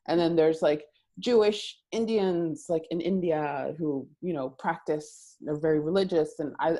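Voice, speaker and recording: A woman's voice: low-pitched, warm tone. A woman filmmaker on a virtual panel, talking in a rambling way with many fillers.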